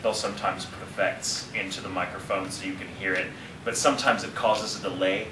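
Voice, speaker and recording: A man in his thirties, a voice actor answering fan questions at a convention panel, talking in an animated, joking way and wandering off into tangents. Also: low-pitched, brisk. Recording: roomy, distant, noisy audience recording.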